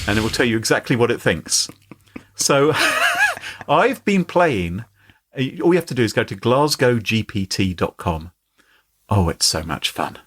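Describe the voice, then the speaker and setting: A man's voice: medium pitch, measured pace. A man hosting a podcast in casual, jokey chat. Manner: jokey, playful, animated. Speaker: podcast host.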